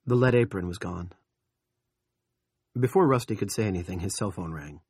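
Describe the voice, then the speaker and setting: A man reading an audiobook in measured, steady scripted narration. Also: deep voice, breathy edge, no room sound, clean studio sound.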